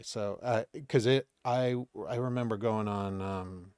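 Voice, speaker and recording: A man's voice: lowish voice, measured pace, few pauses, smooth, no echo, studio quality. A man, a comedian chatting as a podcast guest and acting out quoted exchanges as he tells stories. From Maine, USA. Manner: animated storytelling, acts out quoted exchanges. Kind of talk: casual chat.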